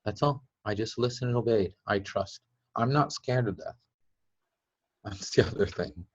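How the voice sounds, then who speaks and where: A man gives a casual talk as a teacher. His voice sits fairly low and he laughs between points, acting out little quotes. The recording is dull and lo-fi. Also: a little slow. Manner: chatty, laughs often, acts out quotes. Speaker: teacher of a device-building group. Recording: dull lo-fi sound.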